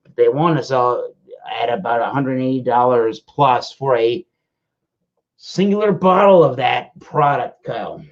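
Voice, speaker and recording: Casual livestream host, lo-fi sound. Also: male voice, mid-range voice, measured pace. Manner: repeats a guest's name to check the line. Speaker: beer review livestream host. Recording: dull lo-fi stream audio.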